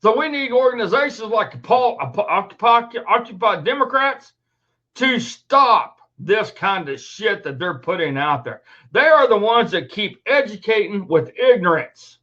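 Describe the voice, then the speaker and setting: A man's voice: sits high, big pitch swings, unhurried, pushed and bright. A man hosting his own show, ranting angrily and swearing emphatically in an indignant tone. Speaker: host. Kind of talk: angry commentary rant. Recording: dull lo-fi recording.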